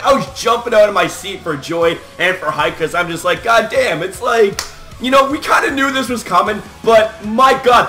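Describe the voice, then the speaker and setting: A young man ranting excitedly and profanely about wrestling results, with lots of "like" and "man" as filler. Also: high voice. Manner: animated, profane, hyped, repeats "like" and "man". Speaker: wrestling reaction vlogger. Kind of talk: casual excited reaction rant. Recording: echoey room, faint music behind.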